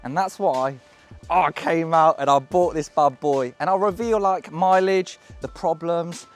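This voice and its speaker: A young British man casually showing off a cheap used car, excitable, joking and swearing as he goes. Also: a little high, a little slow, soft background music. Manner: excitable, swearing, laughing, jokey. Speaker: car vlogger. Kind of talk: casual car walkaround vlog.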